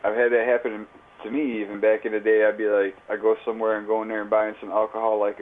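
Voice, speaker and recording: A live streamer tells a rambling, profane story in casual, slang-heavy chat. His fairly low voice is fast and monotone, and the audio sounds tinny, like a phone.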